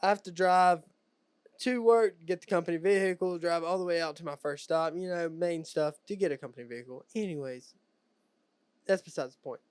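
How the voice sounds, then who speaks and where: A young man co-hosting a podcast, casual chat, animated storytelling with frequent laughs. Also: a little high, brisk, smooth, no room sound. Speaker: podcast co-host.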